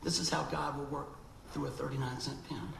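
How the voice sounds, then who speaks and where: A man's voice: medium pitch, steady tone, a little fast, gravelly, a bit bright, reverberant, slight background noise, poor audio. A man preaching a sermon, telling a story animatedly and acting out the voices of people in it.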